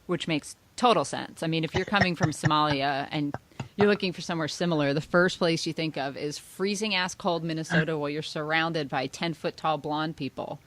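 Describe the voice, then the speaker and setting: Female co-host, casual political banter, sarcastic edge, slightly low pitch. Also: fairly even intonation, no echo. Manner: sarcastic, mocks others' views in quick asides. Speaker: podcast co-host.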